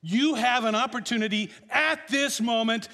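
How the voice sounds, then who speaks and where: Man, pastor, impassioned sermon, loud to hushed swings, long hall reverb. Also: very high voice, moderate pace.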